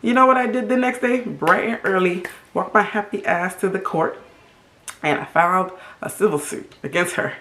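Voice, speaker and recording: A middle-aged woman from Haiti tells a story to her vlog audience with animated, emphatic indignation. Her pitch sits in an ordinary middle range. The recording carries a noticeable roomy echo. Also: moderate pace, a little hiss or hum. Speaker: vlogger.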